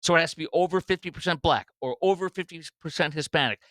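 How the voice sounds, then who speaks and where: A man's voice: fairly high pitch, fast talker, fairly bright tone, no echo. A man hosting a political talk show, rambling through commentary with many fillers and restarts.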